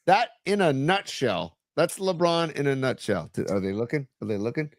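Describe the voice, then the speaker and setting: A middle-aged man with a mid-pitched voice talks sports in a relaxed way, sentences often fading off. He is recorded close and dry on a podcast mic. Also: moderate pace, dry recording. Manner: laid-back, trails off quietly, many short agreements. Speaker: podcast co-host. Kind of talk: casual sports talk.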